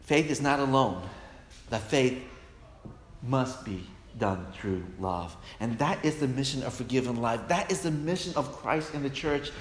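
A man's voice: mid-range voice, a little slow. A male pastor preaching a sermon with emphatic, repeated refrains, recorded in a church hall. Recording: echoey hall with long reverb, faint noise.

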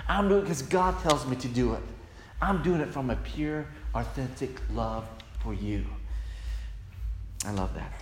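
A man's voice: medium pitch, animated, normal speed. A male pastor preaching a sermon with emphatic, repeated refrains, recorded in a church hall. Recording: echoey hall with long reverb, faint noise.

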